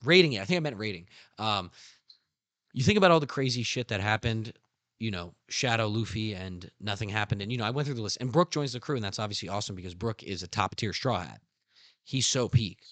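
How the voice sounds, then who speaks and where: A young man hosting a casual podcast, excitedly retelling anime scenes with slang and acting out character lines. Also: on the low side, fairly quick, no room sound. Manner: animated storytelling with slang, acts out character lines. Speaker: podcast host.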